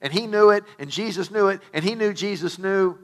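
Bright-voiced, enthusiastic middle-aged male pastor. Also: high voice, fairly quick. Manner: enthusiastic storytelling with stammered restarts. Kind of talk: sermon.

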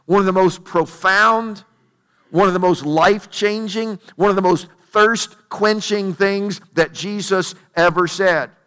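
A man preaching with a notably high, bright and forward voice. He tells the story conversationally and keeps asking rhetorical questions. The delivery is a sermon in plain everyday words. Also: a little slow, smooth, big-room sound. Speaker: pastor.

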